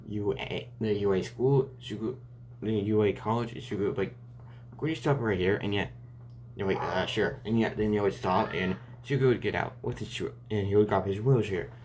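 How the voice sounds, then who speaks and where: A man's voice: on the low side, a little mellow, a little hiss or hum. A man improvising a fan story aloud, rambling and restarting often between lines.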